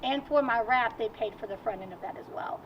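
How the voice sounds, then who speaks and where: A woman with a Virginian accent, a guest in a casual outdoor interview, telling stories in an animated, chatty way. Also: a little high, a little fast. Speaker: guest, amateur racer. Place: outdoors at a car show. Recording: distant mic, dull sound, faint noise.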